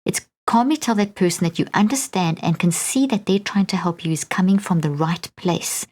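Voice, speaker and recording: A woman's voice: lowish voice, moderate pace, a little mellow. A middle-aged woman with a South African accent hosting a solo podcast, talking in an earnest, coaching way and often checking in with "okay?". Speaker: podcast host.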